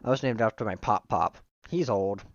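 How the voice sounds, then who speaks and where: Goofy slow-witted young male student, voiced by a man, dopey and higher than his own voice, dry and a bit muffled. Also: dry recording, natural voice.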